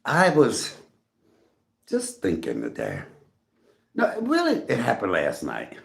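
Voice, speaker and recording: A middle-aged livestream host with a gravelly, fairly low voice talks slowly, his pitch swinging hugely. He chats casually from his home room, greets viewers by name, and coughs often, all captured on a phone on a tripod.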